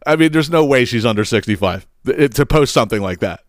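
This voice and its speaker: A middle-aged podcast host from southeastern Pennsylvania delivers a casual solo rant, telling rambling, profane stories punctuated by frequent laughs and exasperation. His mid-range voice is animated and brisk, captured in a dry, studio-quality recording.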